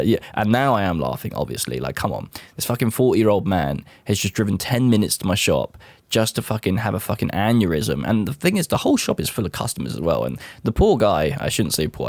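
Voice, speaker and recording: A young man, telling a story in a casual, profane, animated rant. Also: on the low side, no echo. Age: 20s.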